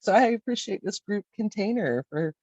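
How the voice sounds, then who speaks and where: A woman's voice: mid-range voice, expressive, normal speed, dark tone, dry recording. Woman participant, hesitant reflective sharing, dry lo-fi call sound. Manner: reflective, hesitant, many fillers. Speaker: workshop participant. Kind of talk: personal sharing in a group.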